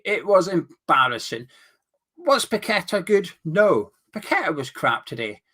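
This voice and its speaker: A man's voice: fairly high pitch, bright, forceful tone. Worked-up man ranting. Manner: worked-up, exasperated, sarcastic rants. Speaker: fan channel host. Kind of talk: heated football fan commentary.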